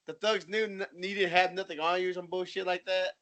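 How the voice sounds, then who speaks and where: A man's voice: high-pitched, flat delivery, brisk, a bit bright. A man co-hosting a casual podcast, laid-back and chuckling, with some swearing. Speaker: podcast co-host. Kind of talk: casual chat.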